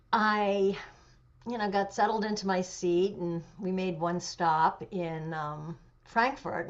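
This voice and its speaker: A woman in her seventies, an interview guest telling a personal story with animation, pauses and fillers. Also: on the low side. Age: 70s. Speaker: interview guest, memoir author. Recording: dull lo-fi audio.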